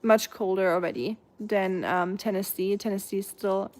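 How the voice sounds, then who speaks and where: A young woman with a German accent chats casually on a live stream, answering viewers' comments one by one. She rambles in a relaxed, unscripted way, filling her pauses with "um" and "like" and often restarting her sentences. Her pitch sits in an ordinary middle range for a woman. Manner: chatty, rambling, many fillers and restarts. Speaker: live streamer reading chat.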